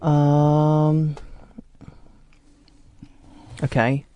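A man's voice: a little high, monotone, extremely slow, muffled recording. A man from South Korea, a radio guest who hesitates and searches for his words. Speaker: studio guest. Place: radio studio.

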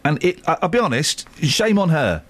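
A middle-aged man hosting a radio show, his voice a touch higher than most men's and jumping all over the place as he jokes. He slips into mock outrage and keeps the chat loose and playful. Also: moderate pace. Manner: jokey, lively, mock-outraged. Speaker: radio host.

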